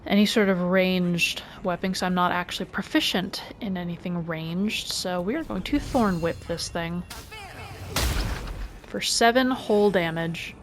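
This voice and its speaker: A woman hosting a let's play, quietly talking through her moves with frustrated asides. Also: fairly low pitch, measured pace, a little hiss or hum. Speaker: gaming video host.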